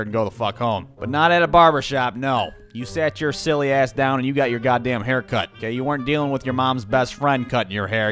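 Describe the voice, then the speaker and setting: A man tells a comic story in a profane, exasperated, animated manner. His voice sits at a medium pitch. Faint music plays behind him. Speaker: stand-up comedian.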